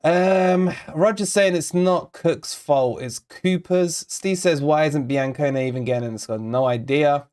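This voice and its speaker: A young man with a fairly high voice runs a casual fan review. He hands out player ratings in a sarcastic, exasperated rant. He is getting over covid. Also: measured pace, hardly any pauses, a little mellow, clear, resonant tone. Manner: exasperated, sarcastic ranting, reads viewer comments aloud. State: recovering from covid. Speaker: fan channel host.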